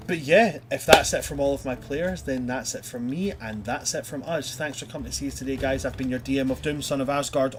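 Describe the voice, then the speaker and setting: A man hosting a tabletop game stream as game master, chatting loosely and energetically, with swearing and laughter. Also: medium pitch. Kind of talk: casual end-of-stream chat.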